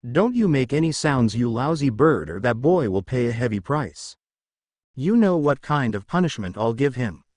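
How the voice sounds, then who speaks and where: A man's voice: mid-range voice, animated, normal speed, a little mellow, no echo, studio quality, close to an everyday voice. A man doing a growling cruel uncle. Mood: threatening. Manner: growling, threatening. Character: cruel bullying middle-aged uncle.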